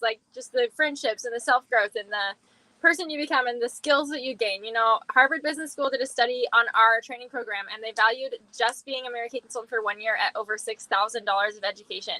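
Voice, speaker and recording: Bubbly high-voiced young woman. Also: a little fast, bright, forceful tone, no echo, low-quality recording. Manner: bubbly, gushing, laughs often. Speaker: guest on a live stream. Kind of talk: casual chat.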